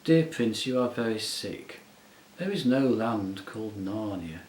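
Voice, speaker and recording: A man reading an audiobook, voicing a soft, soothing, half-mocking enchantress queen. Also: on the low side, lively intonation, a little slow, roomy sound, a little hiss or hum, low-quality recording. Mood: coaxing. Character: silky, coaxing enchantress queen, woman. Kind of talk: audiobook character voice.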